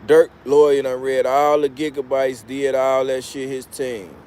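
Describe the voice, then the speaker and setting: A man's voice: medium pitch, flat delivery, unhurried, warm tone. A man hosting a casual live-stream commentary, talking bluntly with heavy profanity and frequent restarts. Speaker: commentary channel host.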